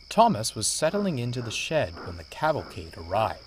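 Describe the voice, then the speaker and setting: A man narrating a read-aloud story in a measured, expressive way. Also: medium pitch, background noise. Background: music.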